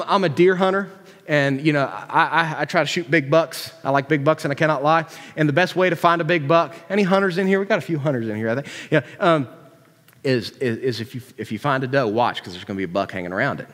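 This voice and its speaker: A man's voice: fairly high pitch, a bit bright. A man preaching a casual, joking sermon to a young group, often restarting his sentences. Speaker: youth pastor. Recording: long hall reverb.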